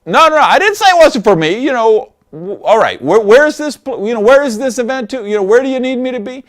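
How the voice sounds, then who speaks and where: A man doing a high, pushy skeptical prospect. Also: animated. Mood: eager. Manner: rapid pushy questions, high-pitched. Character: quizzing skeptical adult male prospect.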